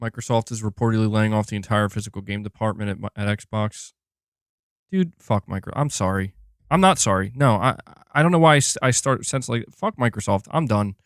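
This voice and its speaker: A man's voice: on the low side, fairly quick, no echo, studio quality. A man live-streaming in casual chat, rambling and swearing with many restarts. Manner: profane, frustrated, rambling with restarts.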